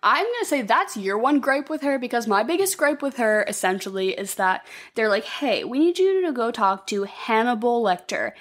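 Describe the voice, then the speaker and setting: Podcast co-host, woman, slightly higher voice, loose and rambling plot recap. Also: moderate pace, hardly any pauses. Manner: rambling, animated retelling with acted quotes and swearing. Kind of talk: casual movie recap chat.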